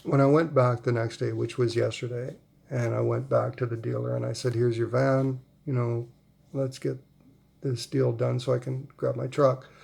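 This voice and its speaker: A man's voice: medium pitch, level tone, moderate pace, gravelly, a little mellow, slightly rough. A man in his forties telling a rambling, amused family story in a casual way, laughing often. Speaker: vlogger.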